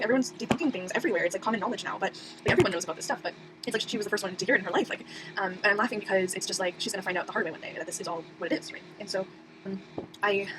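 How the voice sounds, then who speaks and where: A young woman telling a personal story in a rambling casual monologue, full of fillers and restarts. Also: medium pitch. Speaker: vlogger. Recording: audible background noise.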